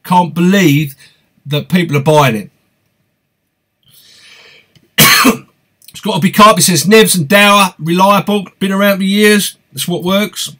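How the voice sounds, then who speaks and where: A man with an East London accent talks in a chatty, upbeat way as he hosts a live question-and-answer stream. His voice sits high for a man. He reads out viewer comments and greets people by name. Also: a little slow, long pauses, pushed and bright. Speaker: fishing channel host.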